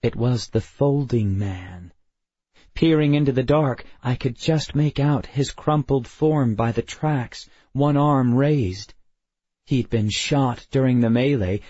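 Male audiobook narrator, slow, husky, measured, dry dull studio sound. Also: medium pitch, a little mellow, no room sound. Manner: measured, unhurried. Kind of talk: first-person audiobook narration.

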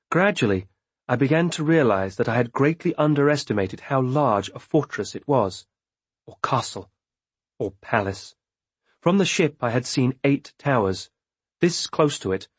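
A man reading a novel aloud in first person with measured, steady storytelling. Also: medium pitch, breathy edge, dry recording. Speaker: audiobook narrator. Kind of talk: scripted first-person narration.

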